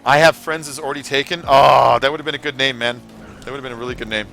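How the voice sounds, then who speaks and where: A man's voice: mid-range voice, fairly even intonation, quick pace, vocal fry, bright, forceful tone, faint music behind. A man streaming a racing game, rambling casually to his chat viewers with lots of fillers. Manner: rambling, chatty, many fillers, talks straight to chat viewers. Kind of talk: casual live-stream commentary while racing.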